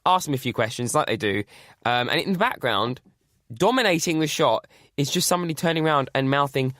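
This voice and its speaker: A man's voice: fairly high pitch, lively intonation, fairly quick, a bit bright, dry recording, studio quality. Chatty male podcast host. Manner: chatty, says "like" often. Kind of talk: casual chat.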